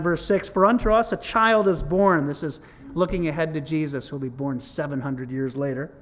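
A middle-aged man preaching a sermon in a conversational, earnest way, mixing scripture with his own testimony. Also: mid-range voice. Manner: conversational, earnest, repeats "it's like, whoa".

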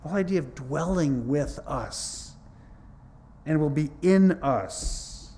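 Male pastor, slightly higher voice, casual yet emphatic sermon delivery. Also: animated, slow pace, dark tone, a little hiss or hum. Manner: conversational, emphatic, rises in pitch to stress points. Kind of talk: sermon teaching.

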